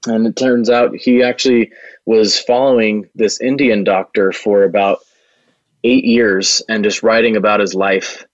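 A man's voice: lowish voice, flat delivery, measured pace, no echo, highs cut off. A man who runs a video production business, telling a long story in an interview with an earnest, rambling manner and many restarts.

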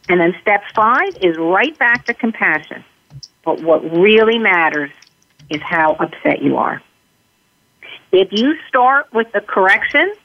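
A woman guest explaining parenting steps calmly, acting out sample lines she would say to a child. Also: on the low side. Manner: calm, explains in numbered steps, acts out sample dialogue. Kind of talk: interview answers. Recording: tinny phone-line sound.

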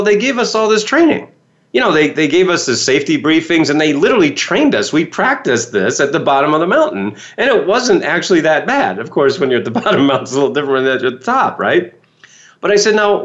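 A man's voice: high-pitched, fairly bright tone, highs cut off. A man, a motivational speaker, telling a story in a podcast talk and acting out his own frightened reactions.

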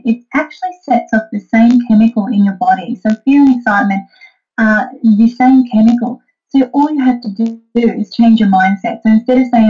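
A woman's voice: on the high side, normal speed, mellow, lo-fi sound, faint music behind. A woman guest in an interview, talking earnestly and encouragingly and acting out the thoughts she quotes. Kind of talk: interview conversation.

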